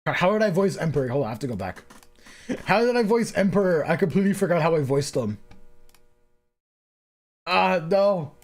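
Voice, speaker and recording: Higher-voiced male streamer, animated, rambling self-interrupting chat. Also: moderate pace, long pauses. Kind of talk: casual live-stream chat.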